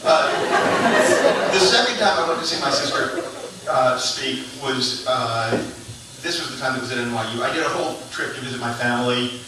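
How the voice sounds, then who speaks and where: A man's voice: medium pitch, moderate pace, a crowd in the background. Male stand-up storyteller, understated delivery; echoey club, distant mic, audible noise. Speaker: stand-up comedian. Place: comedy club stage, live audience.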